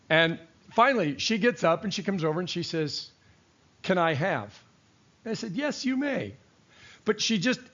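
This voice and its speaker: A man's voice: on the high side, fairly bright tone, dull audio. An older man, a pastor, teaching a verse-by-verse Bible study in a conversational preaching style, mixing scripture with personal stories.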